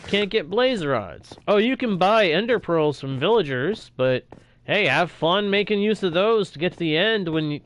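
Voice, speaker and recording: Lively chatty young gaming streamer. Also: male voice, high-pitched, moderate pace, no echo. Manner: chatty, reacts aloud while playing. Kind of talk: casual gameplay commentary.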